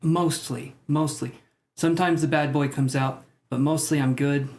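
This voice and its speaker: A man's voice: fairly high pitch, fairly even intonation, moderate pace, darkish tone. A man reading tarot cards for viewers on a live stream, chatting casually and joking about himself. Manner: joking, self-mocking, chatty. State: out of breath. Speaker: tarot reader.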